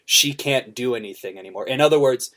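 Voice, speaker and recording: A man's voice: mid-range voice, a little fast, a bit bright. Hesitant man musing on a film. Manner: thoughtful, hesitant, many fillers and restarts. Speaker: podcast co-host. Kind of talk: casual film discussion.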